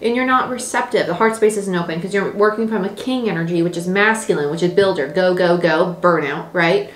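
A young woman with a lowish voice gives a casual tarot reading at a fairly quick clip, chatty, blunt and encouraging, with playful exclamations. The room is echoey and carries faint noise.

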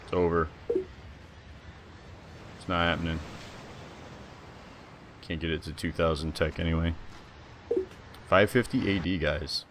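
A young man giving casual, chatty commentary while he plays a strategy game and talks to his viewers, often getting excited. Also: low-pitched, moderate pace, long pauses, background noise. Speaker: gaming streamer. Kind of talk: casual live gameplay commentary.

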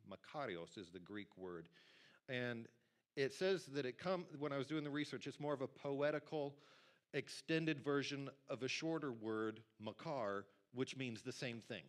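A male pastor preaching a sermon to a church congregation in a lively, conversational way, talking directly to the people in the pews. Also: medium pitch, moderate pace. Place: church sanctuary.

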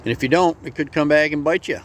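A man's voice: on the high side, quick pace, slight background noise. A man hosting a motivational vlog, telling a folksy story in a friendly, plain-spoken way. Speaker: vlog host.

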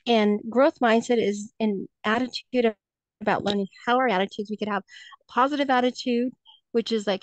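A woman's voice: a little high, fairly even intonation, a little fast, no room sound, dull audio. A woman who teaches third grade, presenting a lesson in a workshop, talking hesitantly with many fillers and restarts, heard over a video call.

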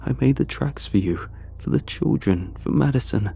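A man voicing a lonely, monstrous male train creature, slow and mournful with a deep, resonant misery. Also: lively intonation, vocal fry, mellow, slightly rough, faint music behind.

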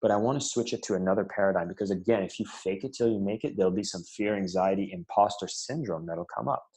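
A man's voice: lowish voice, fast talker, a little mellow. A man being interviewed on a podcast, telling sales stories with enthusiasm and animation. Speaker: sales and marketing leader, guest.

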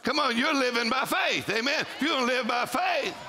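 A man, preaching a sermon with shouted exclamations and call-and-response to his congregation. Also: extremely high pitch, expressive, normal speed, a faint crowd, a little hiss or hum. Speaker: pastor. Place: church auditorium with congregation.

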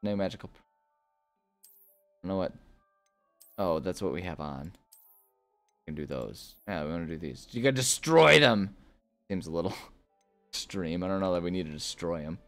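A gaming YouTuber rambles casually through a let's-play, chatting with lots of fillers and reading the game's text aloud as he plays. His voice is low and darkish, at a normal pace with frequent pauses, and soft music plays behind him.

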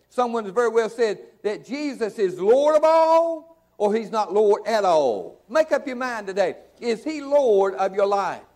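A man's voice: extremely high pitch, a little mellow. A middle-aged man preaching a sermon in a church, folksy and emphatic, repeating phrases for effect. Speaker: pastor. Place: church sanctuary.

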